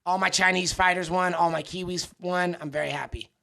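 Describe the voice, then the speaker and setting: A man hosting a casual podcast, with a high, gravelly voice and a bright, sharp edge. He jokes constantly and teases his co-hosts as he rolls from topic to topic. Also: fairly even intonation, a little fast. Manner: joking, riffing, teasing. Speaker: podcast co-host. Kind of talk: casual chat.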